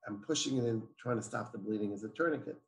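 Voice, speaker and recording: Gravelly man telling a story. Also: lowish voice, quick pace, a little hiss or hum. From Israel. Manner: emphatic, acts out dialogue. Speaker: guest. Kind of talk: personal storytelling. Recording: roomy echo.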